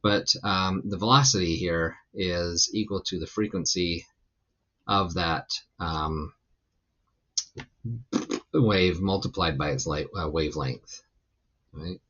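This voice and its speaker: Low bright-toned guy rambling thru a physics lecture, kinda dull lo-fi audio. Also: takes it slowly, pauses often. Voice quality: gravelly when relaxed. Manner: loose, rambling explanation with many fillers. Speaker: physics teacher. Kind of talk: recorded lecture.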